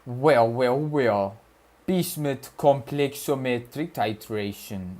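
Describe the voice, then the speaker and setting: Man, put-on arabic-style accent, unhurried drawl, slangy streamer talk, stumbles over words. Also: medium pitch, a little mellow. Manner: slangy and loose, reads chat aloud, swears, stumbles over words. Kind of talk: casual study livestream, chatting with viewers.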